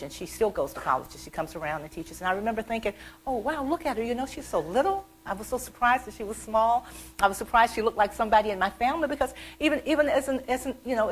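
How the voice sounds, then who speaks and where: A middle-aged woman from the American South, an author telling animated stories about her childhood at a library event. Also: medium pitch, a little hiss or hum, low-quality recording. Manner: chatty, animated, acts out childhood quotes. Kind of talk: storytelling talk.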